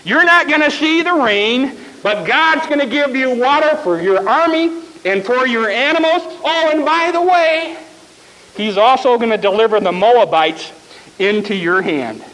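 A preacher playing an offhand unhurried prophet. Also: male voice, extremely high pitch, expressive, fairly bright tone, full character voice, poor audio. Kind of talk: sermon storytelling.

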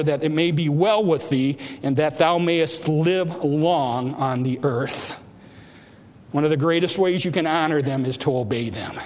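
Male pastor, high voice, emphatic rising sermon delivery, recorded in a reverberant church. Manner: emphatic preaching with rising exhortations. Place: church sanctuary. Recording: hall reverb.

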